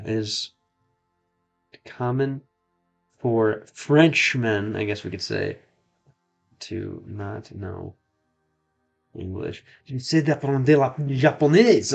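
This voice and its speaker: A man's voice: mid-range voice, creaky, a little mellow. A man chatting casually while streaming a game, trying out phrases and often stopping to repeat himself. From United States. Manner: halting, repeats and tries out phrases. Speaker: streamer learning French. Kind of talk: casual gameplay chat.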